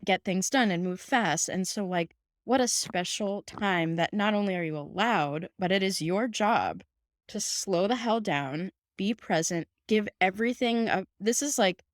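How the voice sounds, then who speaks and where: The podcast host, a veterinarian in her thirties who makes house calls, speaks on the low side in studio-quality audio with no room sound. She's warm and emphatic, laughs frequently, and peppers her casual talk with "like."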